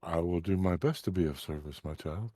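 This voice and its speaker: A man voicing a gentle, soft-spoken male librarian in blue robes, speaking in a calm, courteous, formal way. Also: deep voice, a little fast, pitched below the performer's own voice, lightly acted.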